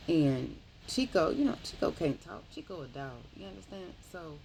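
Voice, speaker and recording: A woman casually retelling a book's plot in a rambling, animated way, often correcting herself. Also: sits low, normal speed, vocal fry, slight background noise, rough recording. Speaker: book reviewer. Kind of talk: casual book review.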